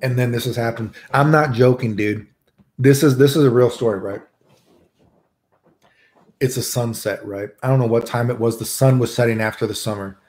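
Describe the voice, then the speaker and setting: A man's voice: mid-range voice, steady tone, normal speed, a little mellow. A man telling a crude personal story in casual, rambling talk, often tagging lines with "right?". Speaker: storyteller host. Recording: roomy echo.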